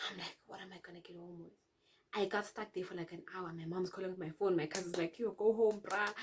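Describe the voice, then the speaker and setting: A young South African woman telling a dramatic personal story for her vlog, lively and dropping to whispers at the tense parts. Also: on the low side, breathy edge. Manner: animated, dramatic, drops to whispers for suspense. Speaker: YouTuber.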